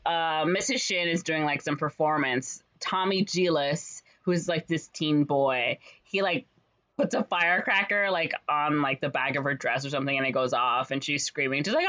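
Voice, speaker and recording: A woman casually retelling a story's plot in a rambling way, full of fillers and quick quoted voices. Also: low voice, bright, forceful tone. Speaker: podcast co-host retelling a musical's plot. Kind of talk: casual chat. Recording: slightly dull lo-fi audio.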